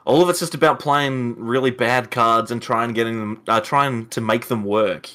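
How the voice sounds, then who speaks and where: A man's voice: mid-range voice, moderate pace, sharp tone. Man, Australian accent, casual podcast talk, rambling, laughs a lot. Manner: rambling, laughs often, self-deprecating. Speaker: YouTube channel host, card game player.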